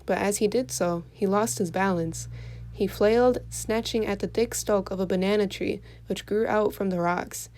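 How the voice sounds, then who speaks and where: A woman reading a folktale aloud for children in an expressive storytelling voice. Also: mid-range voice, normal speed.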